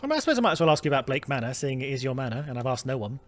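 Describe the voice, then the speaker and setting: A man's voice: mid-range voice, big pitch swings, very fast, faint music behind, close to an everyday voice. A man voicing a polite, inquisitive male investigator in a game. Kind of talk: reading game dialogue aloud.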